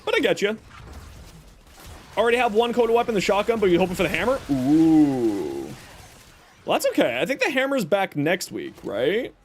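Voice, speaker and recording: Man game streamer, bouncy animated voice, higher pitch, faint noise behind. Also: moderate pace, pauses often. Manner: upbeat, greets chat warmly, baby-talks his pet. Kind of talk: live gameplay streaming, chatting with viewers.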